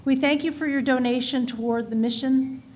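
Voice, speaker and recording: A woman's voice: sits high, moderate pace, slight background noise. Woman reading the offering call. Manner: steady, formal reading voice. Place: church sanctuary.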